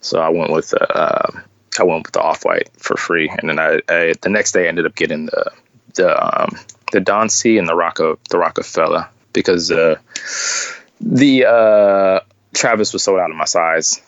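A man chatting casually on a podcast, telling stories in a rambling, halting way with many restarts. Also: sits low, a bit bright, dry recording, lo-fi sound. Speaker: podcast guest, sneaker collector. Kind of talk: casual chat.

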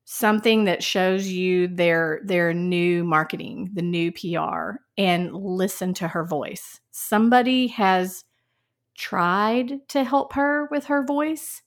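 A woman co-hosting a podcast in casual chat, chatty and quick to laugh. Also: lowish voice. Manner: slow, chatty, laughs easily. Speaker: podcast co-host. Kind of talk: casual chat about a dating show.

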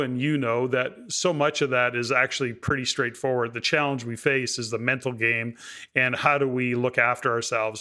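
Bright-voiced male podcast host. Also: medium pitch. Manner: reflective, chatty, many asides. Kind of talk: conversational interview.

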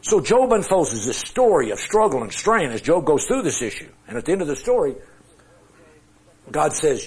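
A man's voice: a little high, sing-song, moderate pace, pauses often, darkish tone, breathy edge. A middle-aged man teaching a Bible class with charts, talking conversationally, asking the class questions and joking at his own expense. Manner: self-deprecating humor.

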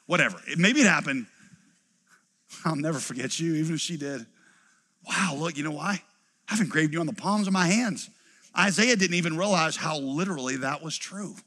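A middle-aged pastor with a drawl delivers a sermon with animated energy, his high, bright voice carrying through a long, reverberant hall. He slips into quoted voices and then drops low for emphasis.

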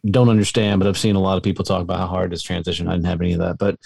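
A middle-aged man telling relaxed stories as a podcast guest. His voice sits fairly low, and his manner is chummy and easygoing. The sound is dry and close to the mic. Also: very fast, gravelly, dry recording. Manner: easygoing, chummy, calls the host dude and brother. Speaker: podcast guest, Marine veteran and entrepreneur. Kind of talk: casual storytelling interview.

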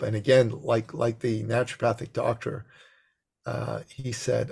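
A man guest telling a story in conversation, acting out the dialogue with animation and a gravelly voice. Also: mid-range voice, level tone, moderate pace, a little mellow.

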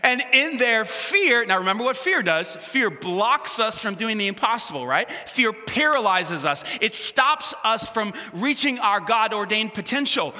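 A male pastor preaching a sermon, swinging from shouts to hushed near-whispers and calling on the congregation to answer back. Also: high-pitched, animated, measured pace, hardly any pauses. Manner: asks the congregation questions and calls for responses. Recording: long reverb of a big hall.

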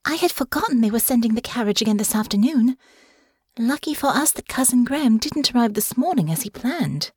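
Brief: a woman playing a bright, earnest young noblewoman, higher and lively, dry close sound. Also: fairly quick, slightly rough, no echo. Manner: bright, eager.

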